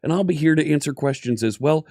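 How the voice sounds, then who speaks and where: A man's voice: on the high side, quick pace, mellow, dry recording, clean studio sound. A man hosting a casual coding live stream, upbeat and chatty, greeting viewers one by one.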